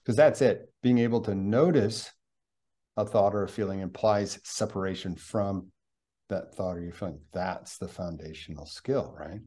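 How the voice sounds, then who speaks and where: A man hosting a podcast interview, speaking in an animated, teacherly way about mindfulness and sometimes slipping into a guided-meditation delivery. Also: deep voice, normal speed.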